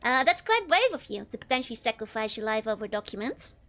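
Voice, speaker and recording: Woman streamer, giggly and rambling, high voice, lively pitch. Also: quick pace. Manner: giggly, rambling with many fillers. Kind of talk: casual gameplay chat.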